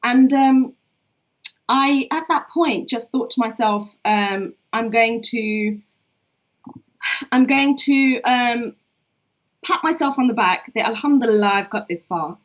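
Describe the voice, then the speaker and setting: A woman's voice: on the high side, slow, pauses often. Chatty woman on a dull call. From England. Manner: reflective, chatty, laughs often, many fillers. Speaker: poet and co-host. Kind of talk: casual online conversation. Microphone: video call. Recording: dull lo-fi online stream.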